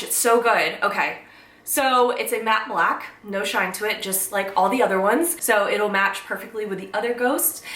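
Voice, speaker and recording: A woman's voice: mid-range voice, recorded from a distance. Gushing young woman, echoey room. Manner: gushing, excitable, emotional. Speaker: vlogger. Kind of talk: casual unboxing vlog.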